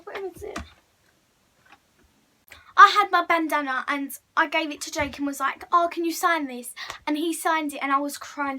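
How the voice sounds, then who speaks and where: Gushing high bright-voiced teen girl. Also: low-quality recording. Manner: gushing, breathless storytelling with many likes. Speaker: vlogger. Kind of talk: excited fan story vlog.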